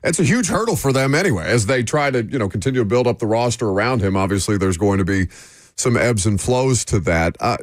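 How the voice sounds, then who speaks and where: A man's voice: mid-range voice, expressive, fairly quick, no echo, studio quality. A man hosting a sports radio show, giving blunt opinions with frequent restarts and fillers.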